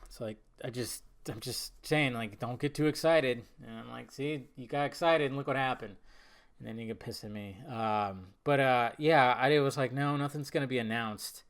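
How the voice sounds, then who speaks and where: A young man hosting a casual solo podcast, swearing freely and swinging between low mumbled asides and loud, exasperated outbursts. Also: moderate pace. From Southern California. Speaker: podcast host.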